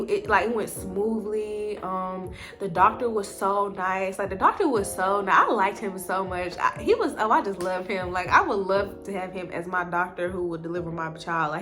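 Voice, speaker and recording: Chatty woman vlogging over music. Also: mid-range voice. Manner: chatty, leans heavily on "like" and "um". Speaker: nursing student vlogger. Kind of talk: casual chat.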